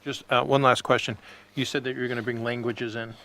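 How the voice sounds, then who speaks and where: A man on a school committee asking questions at a public meeting, speaking in a deliberate, plainspoken way. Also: mid-range voice, flat delivery, a crowd in the background.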